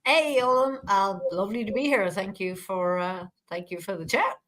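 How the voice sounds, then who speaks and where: A middle-aged Irish woman from Ireland, a guest speaking in a relaxed, casual way with some hesitation. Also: medium pitch, moderate pace. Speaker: guest, psychologist. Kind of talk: casual interview conversation.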